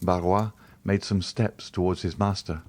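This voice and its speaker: A man reading a classic novel aloud in a measured, even scripted narration. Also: sits low. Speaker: audiobook narrator.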